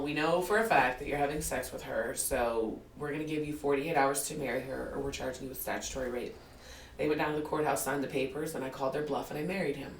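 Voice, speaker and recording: Recounting her life in an interview, this podcast guest in her forties acts out quotes and laughs a lot as she tells her stories. She speaks in a low voice, captured by a distant mic in a roomy space with slight background noise.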